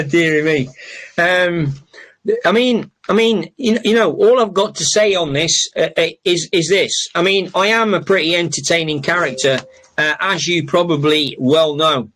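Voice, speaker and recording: Slightly high and fairly bright, this middle-aged podcast host's voice moves at a moderate pace. His casual storytelling monologue is loaded with fillers, false starts and curse words.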